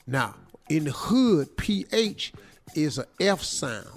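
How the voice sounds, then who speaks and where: A man's voice: on the high side, very animated, slow, faint music behind, full character voice. A man playing a brash 43-year-old manager who talks back to his older boss in blunt street slang. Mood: confronting.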